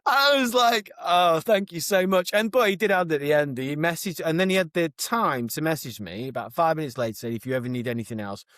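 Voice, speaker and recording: A man co-hosting a podcast, telling animated, overexcited stories in casual chat. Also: a little high, fast, hardly any pauses, no echo, clean studio sound. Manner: animated storyteller, gets overexcited. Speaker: podcast co-host.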